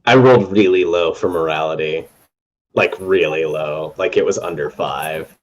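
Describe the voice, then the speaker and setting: A man playing in a tabletop game, talking in a quick, joking way. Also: very deep voice, rough recording. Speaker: player. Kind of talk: casual tabletop play.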